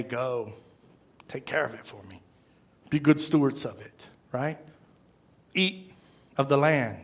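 Delivering a sermon, a pastor from Florida speaks in a fairly bright voice on the high side. His style is emphatic and repetitive, and he keeps checking with the crowd by asking "right?"

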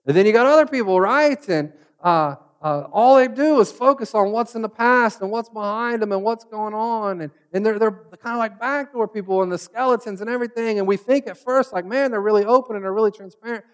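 Male pastor with a high voice; conversational sermon delivery, acts out quoted lines. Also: a little fast, few pauses, dull audio. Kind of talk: sermon with personal storytelling.

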